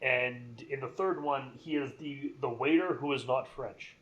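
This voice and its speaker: A man in an easygoing podcast chat, rambling eagerly from one bit of trivia to the next. His voice sits at an ordinary middle pitch, and his delivery is loose and conversational. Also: a little slow, a bit bright, dull audio. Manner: chatty, rambling movie trivia, enthusiastic. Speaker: podcast co-host. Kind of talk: casual gaming podcast chat.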